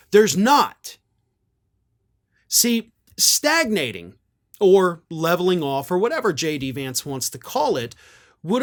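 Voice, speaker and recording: A man hosting a political commentary show, sarcastic and combative. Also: high-pitched.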